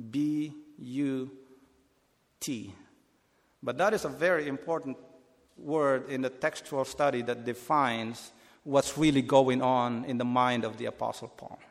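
A man's voice: mid-range voice, long reverb tail. A man preaching a Bible teaching sermon, earnest and explanatory, often restarting his phrases.

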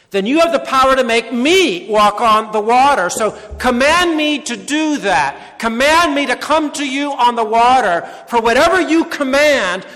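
A man's voice: very high voice, a bit bright, voice pushed up, heavily acted. A man voicing an earnest, bold male disciple who pleads urgently with his master, in a raised voice. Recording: long hall reverb.

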